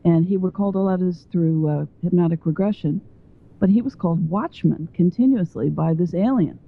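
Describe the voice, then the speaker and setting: A woman's voice: fairly low pitch, fairly quick, vocal fry, breathy edge. A woman guest on a phone interview who talks at length and wanders between points as she explains her ideas. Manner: talkative and digressive. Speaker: guest author. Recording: tinny phone line.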